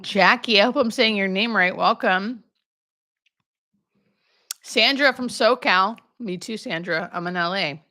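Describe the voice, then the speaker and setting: Woman, thirties, livestream host, casual Q&A, bright voice, friendly chatter, greets viewers by name. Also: medium pitch, measured pace, long pauses. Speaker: hospice nurse and livestream host. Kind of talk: casual live Q&A chat.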